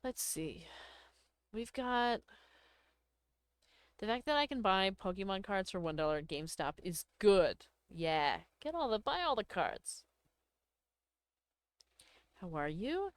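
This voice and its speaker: Woman streamer host, smooth clear voice, dry close mic, casual chatty delivery. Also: medium pitch, big pitch swings, slow, long pauses, no echo. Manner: chatty, thanks viewers, laughs often. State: hiccups. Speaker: livestream host. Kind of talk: casual chat with viewers.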